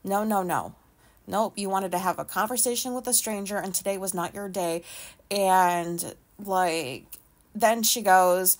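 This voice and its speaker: A woman hosting a solo podcast, telling a rambling, profane story in an animated way. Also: mid-range voice, a little slow. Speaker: podcast host.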